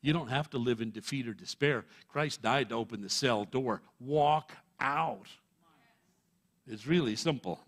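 A male pastor preaching a sermon in a church, emphatic and punchy, with wry humor and chuckles. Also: fairly high pitch. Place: church sanctuary.

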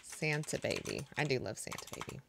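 Deadpan low-voiced woman streamer. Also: a little fast, gravelly. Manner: flat, monotone, deadpan delivery. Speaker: music streamer. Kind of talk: casual chat with live chat.

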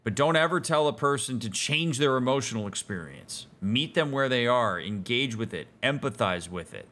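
A man with a mid-range voice giving blunt, emphatic advice about empathy as he comments on a game. He speaks plainly, like a therapist thinking out loud. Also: medium pitch, lively intonation, normal speed. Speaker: therapist and gaming host. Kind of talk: casual let's-play commentary.

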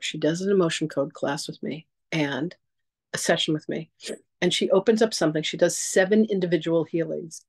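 A woman teaching a casual masterclass, telling stories in a chatty, animated way and acting out quotes. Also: deep voice, low-quality recording. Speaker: psychic teacher.

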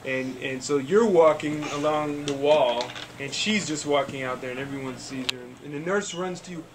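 A man patiently narrating a tabletop game for children as game master, with halting restarts, in a noisy room recording. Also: on the high side. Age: adult. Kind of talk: running a tabletop game for kids. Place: school club room.

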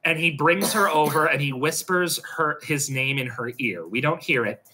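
A man's voice: fairly high pitch, moderate pace, background noise. A man casually retelling a role-play episode over a voice call, hesitant and full of ums and restarts. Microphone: computer mic on a voice call.

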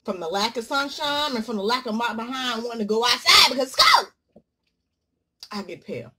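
Animated woman chatting over a mukbang. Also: on the high side, fast talker, background noise. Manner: playful, dramatic swings from loud exclamations to murmurs. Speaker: mukbang vlogger. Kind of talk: casual chat while eating.

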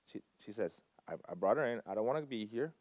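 Earnest guy telling his own story to a crowd, mellow warm voice, dry sound. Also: fairly low pitch, expressive, fast talker, dry recording. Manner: earnest, storytelling, emphatic swings in loudness. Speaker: speaker at a community gathering. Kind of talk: personal talk to a live audience.

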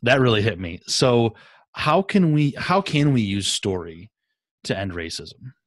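A man hosting an interview, asking questions hesitantly with pauses and restarts. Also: mid-range voice, big pitch swings, dry recording, studio quality. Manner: hesitant, many fillers and restarts when asking. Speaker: interview host. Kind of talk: conversational interview.

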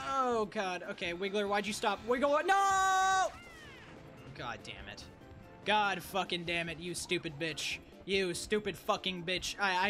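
A young woman streamer giving loud, profane, frustrated commentary while playing a racing game. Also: medium pitch. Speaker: gaming streamer. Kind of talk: live gameplay commentary. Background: faint game music.

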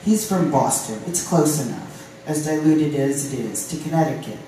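A poet from Ohio reading poems aloud at a live open mic, with halting, filler-laden chat between poems. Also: mid-range voice, lively intonation, warm tone, slight background noise. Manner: reads poems, chats with fillers between them. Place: live venue room. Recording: very echoey room from a distance.

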